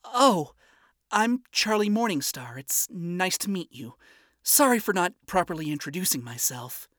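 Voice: medium pitch, big pitch swings, unhurried, a bit bright, no room sound, studio quality, voice pushed up. A narrator voicing an earnest, idealistic young princess who stammers. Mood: happy. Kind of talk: amateur audiobook reading.

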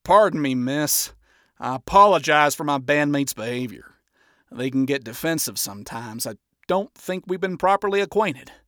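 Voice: mid-range voice, animated, measured pace, a bit bright, no room sound, studio quality. A narrator voicing a polite, folksy man with a laid-back drawl. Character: friendly folksy male bassist. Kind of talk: amateur audiobook reading.

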